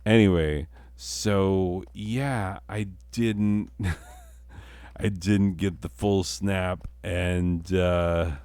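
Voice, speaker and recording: A man's voice: deep voice, steady tone, drawn-out words, darkish tone, clean tone, no echo. A middle-aged man and father, telling a story in a casual, profane, self-mocking way and laughing often. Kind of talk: casual storytelling while playing a game.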